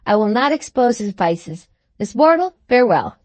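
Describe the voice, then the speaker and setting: A brash, scheming gentleman fires off short, clipped phrases in a highish voice, as a woman puts him on. The recording is dry and close, with no room sound, giving a storybook feel. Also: sing-song, moderate pace, no echo. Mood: theatrical.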